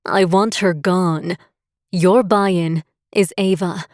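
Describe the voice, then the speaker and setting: A woman narrator voicing a cold, scheming woman who speaks in a slow, honeyed tone. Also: lowish voice, fairly even intonation, darkish tone, no room sound, studio quality. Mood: icy.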